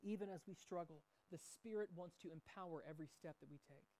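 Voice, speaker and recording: A man's voice: a little high, fast talker, warm tone, rough recording. A middle-aged man preaching a sermon in a conversational way, mixing scripture with personal stories. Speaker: pastor.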